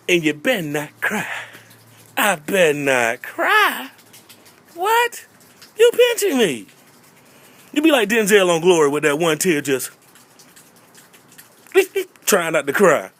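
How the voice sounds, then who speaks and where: A man doing stand-up storytelling about growing up in church, playful and acting out little voices, often repeating a catchphrase. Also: high-pitched. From North Carolina. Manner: playful, repeats "I'm just saying", acts out voices. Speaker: comedian.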